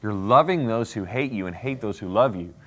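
A man with a somewhat low voice teaches a Bible class in an easygoing, conversational way. He keeps checking in with his listeners and tosses in quick asides as he explains the passage. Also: lively intonation, fairly bright tone. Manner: conversational, checks in with "okay?" and "right?". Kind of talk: casual teaching with commentary.

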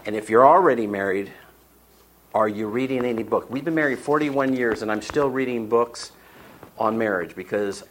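A man's voice: medium pitch, normal speed, a little hiss or hum. A man in his sixties giving a church talk on marriage, rambling and acting out the quotes in his stories. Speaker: marriage ministry speaker.

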